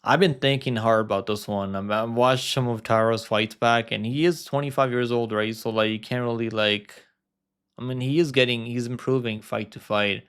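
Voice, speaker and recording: A man's voice: mid-range voice, fairly even intonation, normal speed, fairly bright tone, clean tone. A man giving casual fight predictions, rambling with lots of fillers and restarts. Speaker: MMA predictions host. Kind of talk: casual fight-pick commentary.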